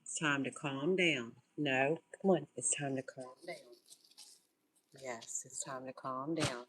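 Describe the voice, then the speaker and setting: Bright-toned woman coaxing her puppies. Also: extremely low pitch, slow pace. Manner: soothing, coaxing puppies to calm down. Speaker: puppy breeder filming her litter. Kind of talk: casual talk to puppies and viewers. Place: indoors with a litter of puppies. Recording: noisy room with puppy sounds. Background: puppies yapping and scuffling.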